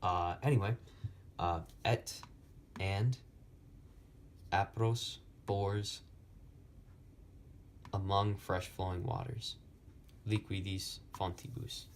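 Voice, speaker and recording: A young man slowly explaining Latin poetic meter in a lesson, with many pauses and fillers. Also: low voice, steady tone, slight background noise. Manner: slow, halting, many fillers. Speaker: Latin tutor.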